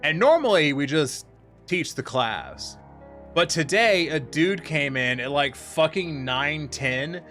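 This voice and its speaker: A young adult man streaming from a home setup, chatting casually and telling stories with lots of swearing and sudden excited bursts, with faint music behind him. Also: fairly high pitch, takes it slowly. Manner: profane, animated storytelling with bursts of excitement. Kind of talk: casual gaming stream chat.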